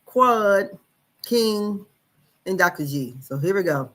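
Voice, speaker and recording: A woman's voice: medium pitch, animated, slow pace, a bit bright. A woman hosting a casual gossip commentary, rambling and hesitant as she recaps reality-show drama. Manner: rambling, hesitant, many fillers and restarts. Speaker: gossip channel host.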